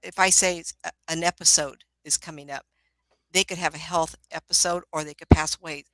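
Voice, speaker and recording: A woman's voice: low-pitched, fairly even intonation, brisk, fairly bright tone, dry recording, rough recording. An older woman working as a psychic medium, giving readings in a casual, chatty, motherly way on a live stream. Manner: chatty, motherly, calls people honey.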